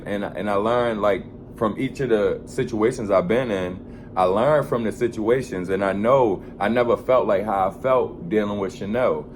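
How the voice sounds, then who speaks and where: A man casually telling a story in a vlog, animated, full of slang and swearing. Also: on the low side, a little hiss or hum. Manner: animated, slangy and profane, acts out quoted voices. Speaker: vlogger.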